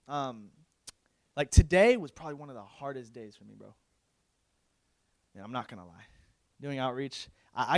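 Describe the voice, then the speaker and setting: A young male pastor preaching a casual, emotional sermon, moving from loud pleading to quiet confiding, with slang in his talk. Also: a little high, dry recording, clean studio sound. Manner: casual, uses slang like bro.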